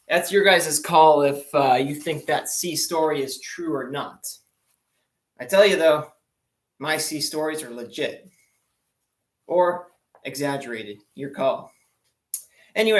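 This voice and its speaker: A man's voice: fairly high pitch, a bit bright. Chatty young man telling sea jokes. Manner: chatty, rambling storyteller with lots of fillers. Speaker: stand-up comedian. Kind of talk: joke-telling sea stories. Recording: echoey room.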